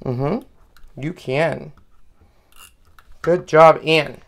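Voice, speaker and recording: A man's voice: on the high side, extremely slow. A man hosting a live craft tutorial, chatting step by step and thinking aloud as he lays out a card. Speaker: craft host demonstrating card making.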